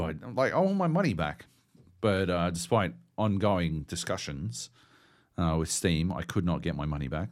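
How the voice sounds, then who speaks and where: A young Australian man co-hosting a gaming podcast, ranting and swearing through an animated story. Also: medium pitch. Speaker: podcast co-host. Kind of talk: casual chat.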